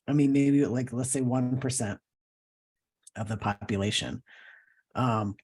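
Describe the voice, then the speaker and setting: A man speaking as an interview guest in a casual conversation, thoughtful and pausing to search for words. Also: medium pitch, darkish tone, husky. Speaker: guest, professor and cartoonist.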